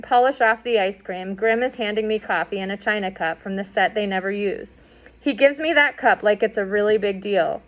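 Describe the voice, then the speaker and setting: A woman reading a novel aloud in a conversational way, with asides and fillers. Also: medium pitch. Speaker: audiobook reader.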